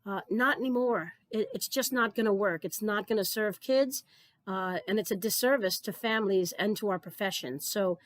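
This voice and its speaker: A woman's voice: medium pitch, moderate pace, dry recording. Earnest woman giving a keynote, dry sound. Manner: earnest, storytelling, repeats words when starting. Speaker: keynote speaker. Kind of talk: conference keynote speech.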